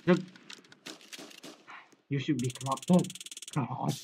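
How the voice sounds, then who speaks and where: A man hosting a live game commentary, excitable and often shouting as he plays. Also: medium pitch, takes it slowly, creaky, a little hiss or hum, poor audio. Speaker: gaming channel host.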